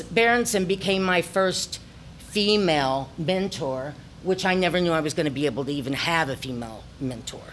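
A woman's voice: on the low side, a bit bright, slight background noise. Ozark-accented woman telling her story. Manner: reflective storytelling with frequent ums. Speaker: theater director. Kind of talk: personal talk to an audience.

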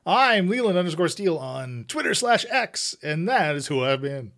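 A man hosting a casual podcast, upbeat and quick to laugh. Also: on the high side, sing-song, a bit bright. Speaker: podcast host.

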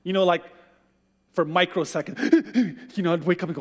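A male pastor preaching a sermon, an animated storyteller who acts out the voices he quotes. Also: sits high, brisk, big-room sound.

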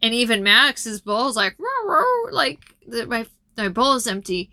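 Bright-voiced chatty woman recapping a film. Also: on the high side, normal speed, dry recording. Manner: chatty and rambling, lots of ums. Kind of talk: casual chat retelling a film.

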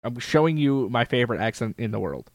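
A man's voice: mid-range voice, very animated, fairly quick, no echo. Playful teasing man, dry studio sound. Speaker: podcast co-host. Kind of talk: casual chat.

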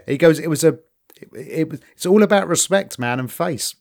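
A middle-aged British man spins anecdotes in a loose, chatty way and jumps into loud impressions of the people in them. His voice sits on the higher side for a man. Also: a little fast. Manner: animated storyteller, acts out voices loudly. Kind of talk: casual chat, storytelling.

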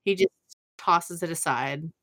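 A woman's voice: low-pitched, unhurried, a bit bright. A woman talks plainly and bluntly as a podcast co-host. She swears freely and backs up her partner with dry, short agreements. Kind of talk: casual chat recapping a TV episode.

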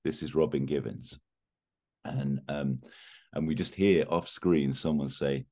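Very deep-voiced man pitching a story. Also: steady tone, unhurried, a little mellow. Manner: chatty, laughs while telling. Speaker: podcast host pitching a film. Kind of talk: casual storytelling.

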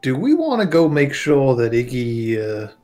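A man's voice: mid-range voice, huge pitch swings, unhurried, darkish tone. A man playing a tabletop game, talking casually and conspiratorially. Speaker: player.

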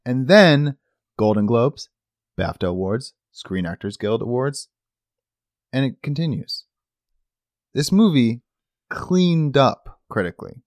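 A man's voice: mid-range voice, lively intonation, slow, long pauses, no room sound. A young man co-hosting a podcast, chatting casually and rambling in a jokey way about a movie. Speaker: podcast co-host. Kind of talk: casual chat, movie review.

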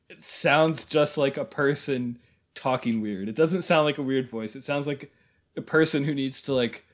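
A man co-hosting a podcast, giving wry, rambling movie critique and laughing often. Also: mid-range voice. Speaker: podcast co-host. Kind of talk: casual chat.

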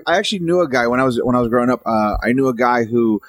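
Animated storytelling man, dry close mic. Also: mid-range voice, very fast, dry recording. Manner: storytelling, animated, puts on voices. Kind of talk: crude casual chat.

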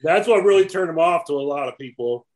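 A man's voice: fairly high pitch, lively intonation, quick pace, crowd noise, low-quality recording. A man co-hosting a podcast in casual chat, matter-of-fact and often giving short agreeing replies. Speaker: podcast co-host.

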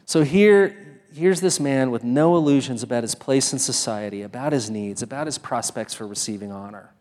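A man's voice: mid-range voice, normal speed, darkish tone, big-room sound. A man preaching a sermon as pastor, talking in a conversational way with frequent fillers and restarts.

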